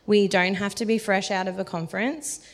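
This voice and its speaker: A woman's voice: medium pitch, fairly even intonation, normal speed. A woman preaching a sermon, telling self-deprecating stories in a chatty way and laughing often. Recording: long hall reverb.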